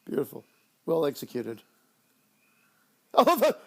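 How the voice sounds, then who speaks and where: A man's voice: on the high side, huge pitch swings, unhurried, creaky, a bit bright. A man co-hosting a comedy podcast, giving profane, gushing, jokey commentary while a film plays. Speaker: podcast co-host. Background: film soundtrack playing.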